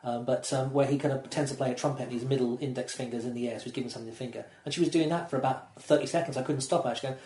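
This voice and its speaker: A man's voice: medium pitch, fairly even intonation, very fast, few pauses, a little mellow. A man, a stand-up comedian, chatting casually on a podcast and telling rambling anecdotes, acting out the voices of the people in them. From England. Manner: rambling storyteller, acts out voices in quotes. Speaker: comedian guest. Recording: roomy echo.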